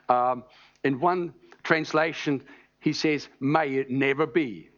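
A man's voice: medium pitch, takes it slowly, fairly bright tone, dull audio. A man preaching a sermon in an emphatic teaching manner, often checking in with the congregation. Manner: emphatic, teaching, asks "All right?" often.

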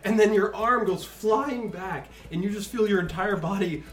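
Man, game master, animated narration, slightly high voice, echoey room, faint music. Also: moderate pace.

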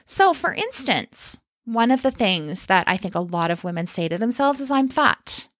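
A woman's voice: medium pitch, sing-song, moderate pace, no room sound, clean studio sound. A woman life coach talking straight to listeners on her solo podcast, direct and encouraging, often checking in with "okay?" and "right?". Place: lives in Canada.

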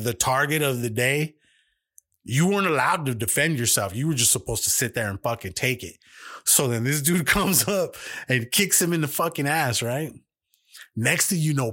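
A man's voice: mid-range voice, sharp tone. A man co-hosting a podcast, rambling through a profane story in casual chat and acting out the quoted voices. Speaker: podcast co-host.

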